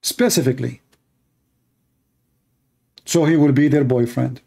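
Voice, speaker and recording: A commentator mocks and jokes sarcastically while answering viewer questions in a relaxed monologue. His medium-pitched voice is gravelly, warm, and husky, a little slow, and his English grammar is non-native.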